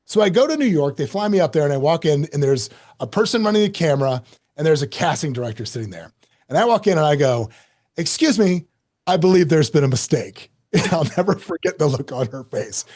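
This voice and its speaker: A middle-aged man telling a story as a podcast guest, lively and self-mocking, acting out quoted lines. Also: fairly high pitch, fast. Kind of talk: animated storytelling in an interview.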